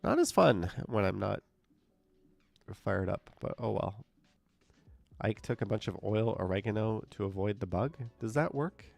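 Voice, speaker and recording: A man's voice: fairly low pitch, fairly even intonation, measured pace, vocal fry, pauses often. A man with a stuffed-up, nasal voice from a cold, chatting casually on a live stream as he reads viewer comments aloud and answers them. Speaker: live streamer reading chat. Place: indoors.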